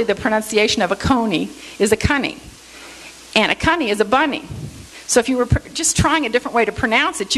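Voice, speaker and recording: A woman's voice: on the high side, fairly bright tone, rough recording. A woman giving a Bible lesson in a church, explaining points step by step and often checking in with "okay?". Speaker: Bible teacher.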